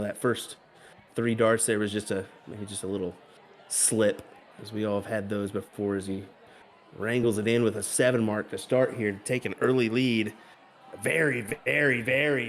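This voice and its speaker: Easygoing darts co-commentator. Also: male voice, on the low side. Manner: easygoing, laughs often, chats with the audience. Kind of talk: casual play-by-play commentary.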